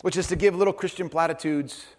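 A man in his thirties preaching a sermon, earnest, moving between hushed and animated storytelling. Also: a little high, fast talker. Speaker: pastor. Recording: hall with long reverb.

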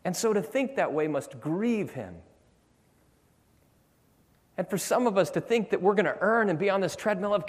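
A man preaching a sermon as pastor, earnest and emphatic, slowing down to stress key phrases. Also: sits high, animated. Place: church sanctuary. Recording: long church reverb.

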